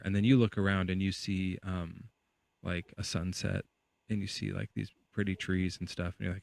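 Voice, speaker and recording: A man's voice: sits low, steady tone, moderate pace, creaky, darkish tone, dry recording. A man hosting a livestream, telling a rambling, playful hypothetical full of fillers. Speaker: livestream host. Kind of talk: casual debate chat.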